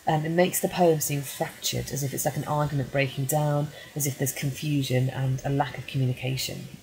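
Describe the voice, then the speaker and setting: Low-voiced woman teacher explaining a poem. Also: fairly even intonation, vocal fry, darkish tone, low-quality recording. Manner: measured, frequent ums, reads poem aloud then explains. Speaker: English teacher. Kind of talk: poetry analysis lesson.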